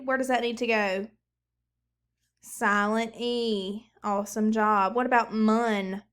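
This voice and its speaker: A young woman teaching a recorded phonics lesson to children, sounding out syllables patiently. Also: fairly high pitch.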